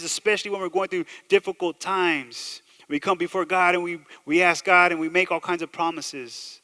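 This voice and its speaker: A man preaching a sermon as pastor, swinging between loud emphasis and quiet asides, joking with the congregation. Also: a little high, steady tone, a little fast. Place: church sanctuary. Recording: long hall reverb.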